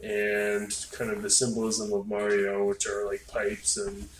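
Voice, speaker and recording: A man co-hosting a casual podcast chat, animated and quick to imitate sounds. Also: fairly low pitch. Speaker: podcast co-host. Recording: roomy with faint noise.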